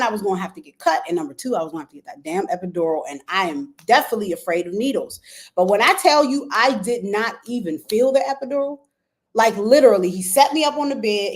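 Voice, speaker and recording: A woman in her thirties hosting a casual talk show, telling a personal story and jumping up in pitch when she relives tense moments. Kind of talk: casual chat to a live audience.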